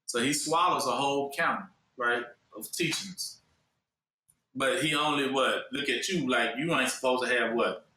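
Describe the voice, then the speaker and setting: A man preaching a sermon, posing questions and pausing for listeners to fill in the answer. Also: medium pitch, pushed and bright. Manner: call-and-response questions, fill-in-the-blank pauses. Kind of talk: sermon teaching. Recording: echoey room from far off.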